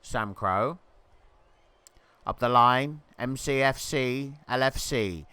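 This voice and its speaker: A man doing jokey football-style commentary over a video game match, rising to shouts at near misses and goals. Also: mid-range voice, takes it slowly, clean tone, dry recording.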